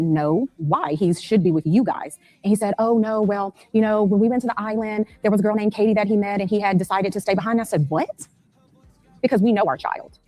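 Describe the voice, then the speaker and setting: Fast-talking woman recounting in an interview. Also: medium pitch, darkish tone, dry recording. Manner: rapid, anxious retelling, acting out phone calls. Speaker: interviewed mother.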